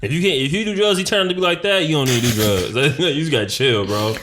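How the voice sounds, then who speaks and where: A man co-hosting a casual podcast, mostly laid-back and teasing, and he flares up when a story excites him. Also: on the high side, fast, background noise. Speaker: podcast co-host. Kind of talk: casual chat.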